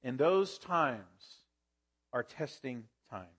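A man preaching a sermon as pastor, emphatic, with sudden climbs to excited peaks and drops to quiet, low stresses. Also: extremely slow, husky.

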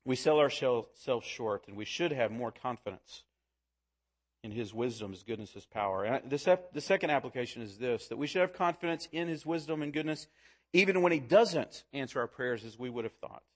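A man's voice: mid-range voice, lively intonation, brisk. A man preaching a sermon as pastor, earnest and building to fervent emphasis.

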